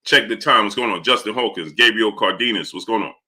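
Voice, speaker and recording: On a casual live stream, a man whose voice sits on the low side talks a little fast with a sharp tone. He keeps making his point while saying hello to viewers from the chat by name.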